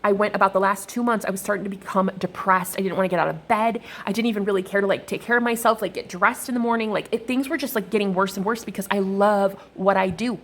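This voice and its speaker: A woman talking casually in a spiritual vlog, animated, swearing, and swinging her voice up high for emphasis. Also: quick pace, hardly any pauses. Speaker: spiritual vlogger.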